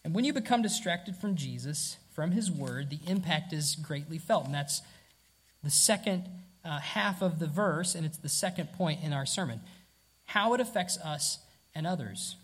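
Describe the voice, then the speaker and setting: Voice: mid-range voice, animated, normal speed, slightly rough. A preacher delivering a sermon emphatically, asking rhetorical questions and repeating key words.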